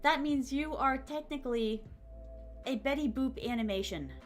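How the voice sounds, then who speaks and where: A woman streamer chatting casually with her viewers and reading their comments, with a soft, relaxing, motherly voice. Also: high-pitched, normal speed, soft background music.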